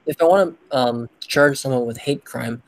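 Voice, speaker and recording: In a low-quality recording, a male podcast co-host with a medium-pitched voice and normal speed chats casually. He argues his case, reasoning through it point by point.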